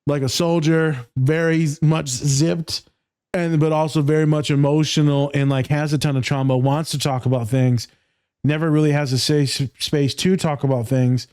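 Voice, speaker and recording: A man's voice: on the high side, steady tone, normal speed, dark tone, no echo, clean studio sound. A man co-hosting a podcast, telling a story in casual chat, laughing often and swearing freely. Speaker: podcast co-host.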